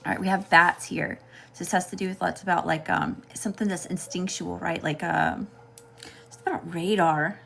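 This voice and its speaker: Speaking at a normal pace with a steady tone, this Southern US woman has a lowish, slightly bright voice with vocal fry, and there's slight background noise. She's a tarot reader doing a live session, chatting casually, repeatedly asking "okay?" and saying hello to the chat.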